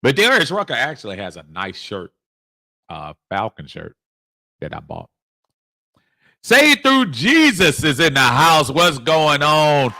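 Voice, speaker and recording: A middle-aged man hosts a fan livestream, his voice bright and forceful. He talks in a lively, chuckling way as he reads off viewer comments and shouts people out. The sound is close and dry. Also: on the high side, measured pace, long pauses, dry recording. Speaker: livestream host. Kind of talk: casual sports chat reading viewer comments.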